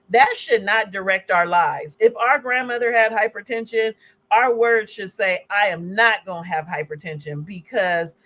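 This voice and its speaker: Animated woman giving a health talk. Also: medium pitch. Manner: animated and conversational, acts out scenes. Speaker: health educator presenting slides. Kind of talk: presentation talk.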